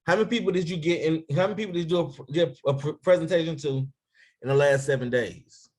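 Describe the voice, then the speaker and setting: Energetic man coaching a live team call. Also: a little high, quick pace. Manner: energetic, calls for comments, shouts out viewers by name. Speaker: business coach. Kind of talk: motivational team training on a live stream.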